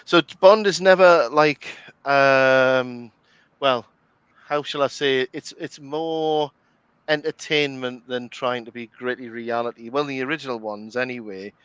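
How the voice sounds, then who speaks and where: A middle-aged man from the North East of England speaks with a Geordie accent in a relaxed podcast chat. His voice is smooth and resonant, and the mic sits close in a dry space. He fills pauses with ums and restarts and often breaks into laughter. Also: medium pitch, no room sound, lo-fi sound. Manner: chatty, laughs often, many fillers and restarts. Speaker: commentary podcast host. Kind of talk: casual chat.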